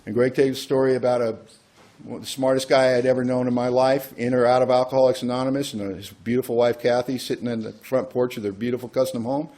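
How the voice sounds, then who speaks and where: At a recovery workshop, a man tells a personal story in a conversational way, acting out the voices of the people he quotes. His mid-range voice is dark and steady, and he talks fast.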